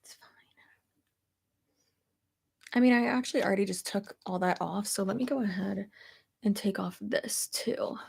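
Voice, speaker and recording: A woman's voice: medium pitch, fairly quick, vocal fry, husky. A young woman chatting casually on a livestream, telling stories with lots of laughs and swearing, and pregnant. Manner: chatty, profane and laughing, with animated storytelling. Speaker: streamer.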